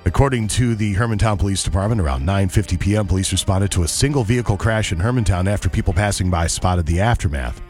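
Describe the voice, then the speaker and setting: A man's voice: low voice, fast talker, few pauses, a little mellow, soft background music. A man hosting a morning radio show, chatty and wry, reading ads and news. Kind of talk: casual radio banter and live reads.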